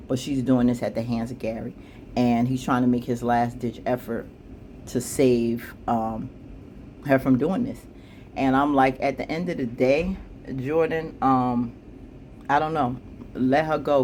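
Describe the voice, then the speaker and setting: A woman casually recapping a TV episode, chatty, with plenty of asides, acting out the characters' lines with jumps in pitch. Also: dark tone, slight background noise. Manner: chatty, frequent fillers and asides. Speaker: TV show recap vlogger.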